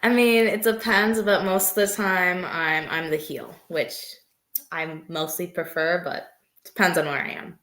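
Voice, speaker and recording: A young woman wrestler answering interview questions in a soft, hesitant way, with many fillers. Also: lowish voice, fairly even intonation, a little slow, roomy sound. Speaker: wrestler guest.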